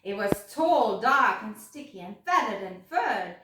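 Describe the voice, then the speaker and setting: A woman reading a rhyming picture book aloud in a sing-song, expressive way, in an echoey room a little away from the mic. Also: medium pitch, a little slow, far from the mic, noisy background. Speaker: storyteller.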